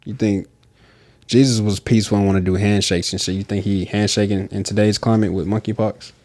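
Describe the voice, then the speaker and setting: Joking man with a deep voice, dry sound. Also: steady tone, darkish tone, no echo. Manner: slangy, joking, quick agreeing replies. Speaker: podcast co-host. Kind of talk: casual chat.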